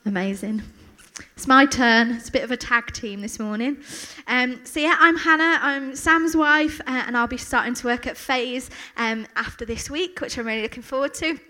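A woman's voice: fairly high pitch, normal speed, pushed and bright. A woman giving a casual, chatty talk at church, with lots of ums. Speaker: church speaker taking over from her husband.

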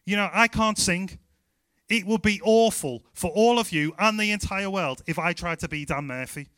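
A man with a Scouse accent preaching a lively, emphatic sermon as a pastor. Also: high-pitched, normal speed, smooth, no room sound. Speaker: youth pastor.

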